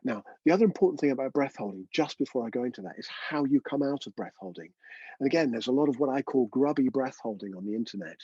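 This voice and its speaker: A man's voice: mid-range voice, expressive, fast, dark tone, husky, dry recording, muffled recording. A man teaching a live online breathwork class, chatty and coaching, often checking in with his students.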